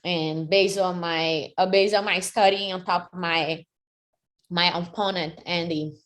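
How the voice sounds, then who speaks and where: Woman in her thirties, a bit low-pitched, energetic, filler-heavy interview talk. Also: a little slow. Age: 30s. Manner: energetic, frequent "like" fillers, second-language phrasing. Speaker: MMA fighter and jiu-jitsu athlete. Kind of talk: interview answers.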